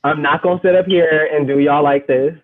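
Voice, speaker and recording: A man's voice: a little high, steady tone, a little fast, crowd noise. A man hosting a poetry slam over a video call and reciting a poem, playful and full of slang, laughing often. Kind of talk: casual hosting and performance poetry. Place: home, remote video call. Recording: tinny lo-fi video-call audio.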